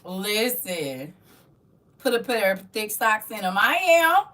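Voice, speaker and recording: Reading chat on her casual home stream, a middle-aged woman teases viewers playfully and laughs a lot. She takes her time, her mid-range voice sing-song and sharp in tone, recorded from a distance.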